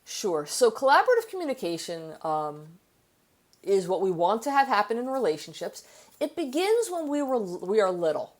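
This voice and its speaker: A woman's voice: mid-range voice, sing-song, normal speed. A woman author and therapist explaining ideas in an interview, telling stories from her practice with frequent restarts. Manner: explanatory, storytelling, with many restarts. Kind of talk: interview conversation.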